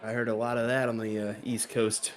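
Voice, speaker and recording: A man co-commentating a darts stream in a relaxed, conversational way. His voice sits mid-range in pitch, and he laughs often as he chats with his partner and the viewers. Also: a little fast. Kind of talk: casual play-by-play commentary.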